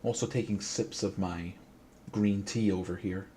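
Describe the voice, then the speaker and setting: A man's voice: low voice, steady tone, a little slow, warm tone, slight background noise. A man from New York with a New York accent, chatting casually and rambling with his stream viewers late at night. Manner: rambling, friendly, many restarts. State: late-night, a little wired. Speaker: game streamer.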